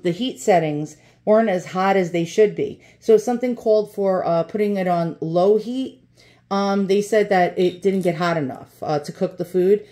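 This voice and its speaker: A woman's voice: mid-range voice, darkish tone. A woman with a New York accent giving a casual, blunt product review with lots of ums and uhs. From Brooklyn, New York. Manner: chatty, blunt, many fillers.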